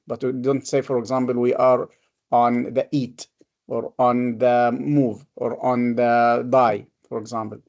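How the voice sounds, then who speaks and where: A man's voice: medium pitch, level tone, unhurried, darkish tone, lo-fi sound. A man teaching a classroom lesson on Quranic reading. He talks patiently, explains step by step and repeats his examples. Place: classroom with a board.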